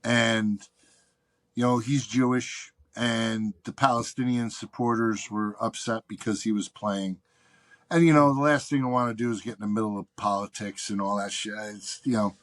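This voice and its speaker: A man's voice: fairly low pitch, fairly even intonation, normal speed. A man, a guest on a podcast, telling a story in casual chat, acting out the callers and swearing freely. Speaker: guest, venue box office manager.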